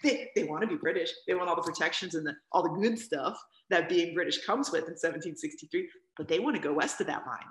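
A woman teaching an online history review lesson in an animated, chatty way, with many asides and questions to students. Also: on the low side, fast talker, hardly any pauses, roomy sound, low-quality recording.

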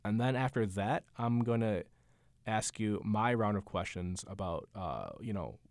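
Guy hosting a podcast, lowish voice, rambly and self-deprecating, dry close mic. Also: animated, a little slow, a little mellow, no room sound. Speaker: podcast host. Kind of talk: casual interview chat.

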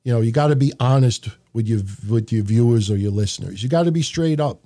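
A man's voice: mid-range voice, quick pace, mellow. A middle-aged man, hosting a podcast and telling stories in a blunt, profane, casual monologue. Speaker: podcast host.

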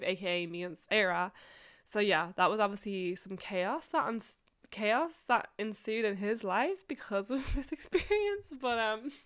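A woman in her twenties hosts a casual storytelling podcast, sharing personal stories in a chatty way while swearing, laughing often, and saying "like" constantly. Her mid-range voice is fairly bright with a clear, resonant tone.

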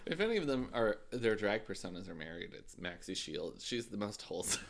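A man's voice: fairly low pitch, sing-song, gravelly, heavy background noise. A man co-hosting a podcast, chatting casually and teasing his partner with wordplay. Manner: playful, teasing, quick to riff on words. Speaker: podcast co-host. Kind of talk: casual chat recapping a reality show.

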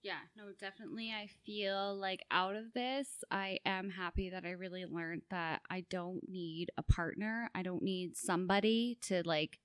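A woman's voice: mid-range voice, fairly even intonation, moderate pace, few pauses, a bit bright, smooth, no room sound, clean studio sound. A young woman co-hosting a podcast, speaking candidly and reflectively in casual chat, with many fillers. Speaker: podcast co-host.

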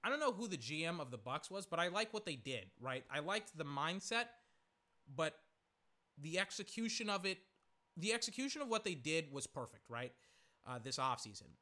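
Hoarse young man rambling over a game. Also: on the high side, very animated, moderate pace, pushed and bright. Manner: rambling, filler-heavy, swears often. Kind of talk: casual live game commentary.

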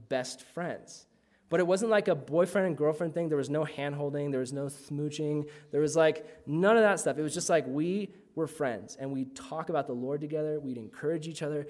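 A man telling a personal faith story in a casual way, full of "like" fillers. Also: on the high side.

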